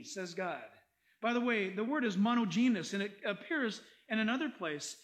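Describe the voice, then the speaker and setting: In this sermon, a male pastor with an unusually high voice for a man mixes emphatic, animated delivery with quick humor. He stops between points to read scripture aloud.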